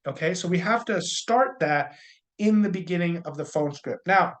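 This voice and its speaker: A man with a slightly high voice coaches a room of new insurance salespeople. His talk is loose and conversational, peppered with corny little jokes. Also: lively intonation, moderate pace, a bit bright. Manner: jokey, conversational, uses corny humor. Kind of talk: casual training talk.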